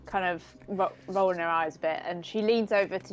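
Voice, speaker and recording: A woman, a player narrating her character's actions softly and with amusement. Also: fairly low pitch, steady tone, a little fast, slight background noise.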